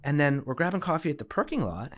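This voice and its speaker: A man's voice: on the high side, sing-song, fast talker. A man, a radiologist guest, telling stories in a casual podcast chat with lots of fillers and restarts. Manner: chatty storyteller, many fillers and restarts.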